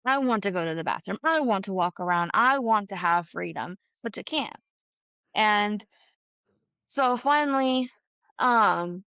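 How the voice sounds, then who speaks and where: A woman's voice: mid-range voice, expressive, a little slow. A woman speaks as a guest on a podcast, talking openly and with feeling, often with "um" and "you know". The audio sounds muffled and lo-fi. There is no room echo around her voice. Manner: candid and emotional, with frequent fillers and laughs. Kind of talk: casual conversation.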